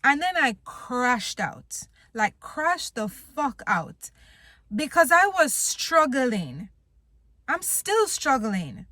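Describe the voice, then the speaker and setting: A woman's voice: sits high, very animated, very slow, sharp tone, no room sound. A young woman vlogging, venting bluntly and with plenty of swearing about wanting to quit her job. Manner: frustrated, blunt, swears a lot. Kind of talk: venting to camera.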